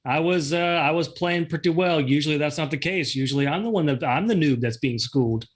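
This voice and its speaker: A man's voice: fairly high pitch, fairly quick. A man hosting a casual podcast, rambling and correcting himself, laughing often. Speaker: podcast host. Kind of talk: casual chat.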